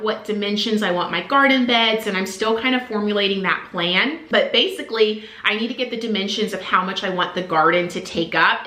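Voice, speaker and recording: A young woman talks to her camera in a casual, heartfelt way, sprinkling "like" through her sentences. Her voice is bright and a little tense. The room around her has a noticeable echo. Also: on the high side. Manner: earnest and emotional, many "like" fillers. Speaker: vlogger.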